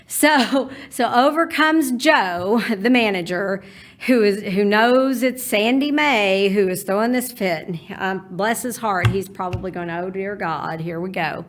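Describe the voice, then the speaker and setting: A woman from Texas with a Texan accent, telling a personal story in a folksy, animated way. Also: medium pitch, measured pace.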